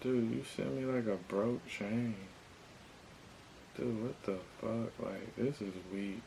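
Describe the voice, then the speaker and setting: Young male vlogger, annoyed and swearing, with a low gravelly voice. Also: slow, mellow, a little hiss or hum. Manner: frustrated, ranting, repeats himself, swears. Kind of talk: casual unboxing rant.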